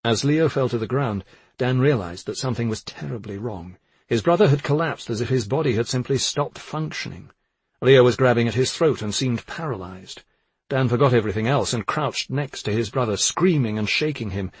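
A male narrator reads a thriller audiobook in a measured, even way. His voice is husky and breathy. The sound is dry and close, with no room at all. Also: mid-range voice, dry recording. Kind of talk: scripted narration.

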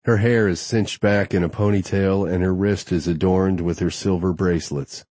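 Deep-voiced male romance narrator. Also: fairly even intonation, normal speed, darkish tone, no room sound. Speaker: audiobook narrator. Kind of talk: first-person romance narration.

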